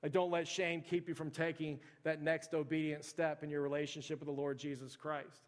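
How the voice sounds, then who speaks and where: A man preaching a sermon, telling a folksy story in a relaxed, conversational way with quiet voiced asides. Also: a little high, fairly quick. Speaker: pastor. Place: church sanctuary. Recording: long hall reverb.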